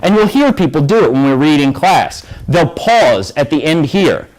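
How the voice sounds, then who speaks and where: A man's voice: a little high, normal speed, rough recording. A man teaching an English class, explaining and asking students questions. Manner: lively, asks the class questions. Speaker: high school English teacher.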